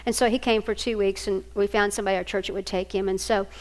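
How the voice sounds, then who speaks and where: A woman's voice: medium pitch, steady tone, quick pace, a little mellow. An older woman giving a storytelling talk to single parents, homey and anecdotal, acting out family dialogue. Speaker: speaker at a single-parent ministry event.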